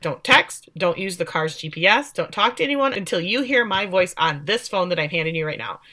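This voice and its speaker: A woman doing a calm, commanding mother. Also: lowish voice, brisk. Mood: urgent. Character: calm, commanding middle-aged mother giving orders.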